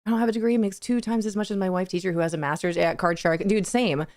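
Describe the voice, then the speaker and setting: A woman's voice: mid-range voice, quick pace, darkish tone, no room sound, clean studio sound. A young woman hosting a cozy game livestream, chatting with her viewers, reading their messages aloud and laughing often. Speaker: livestream gaming host. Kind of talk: casual chat with live chat.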